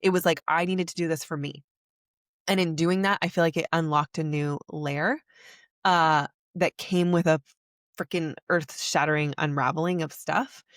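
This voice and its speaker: A woman's voice: low-pitched, fairly even intonation, moderate pace, dry recording, studio quality. A young adult woman hosting a podcast, telling a personal story in a confessional way with many filler words. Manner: confessional, heavy use of "like" fillers. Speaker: podcast host.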